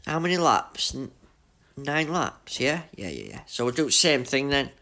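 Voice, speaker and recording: A man with a Yorkshire accent giving chatty, excitable live commentary on his racing game while talking to his chat. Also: medium pitch, moderate pace, creaky. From Leeds, Yorkshire, England. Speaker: gaming streamer.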